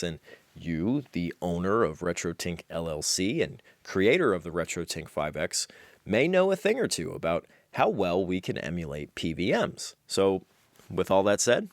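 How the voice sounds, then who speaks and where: A man's voice: low voice, no echo, clean studio sound. A man hosting a comedic courtroom sketch, speaking mock-formally with exaggerated startled reactions. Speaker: host playing a judge.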